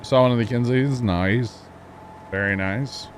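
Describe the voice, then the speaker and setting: With a mid-range voice at a measured pace and some faint hiss or hum, a livestream host gives relaxed commentary on a farming game. He reads out and responds to chat while walking through farming gear.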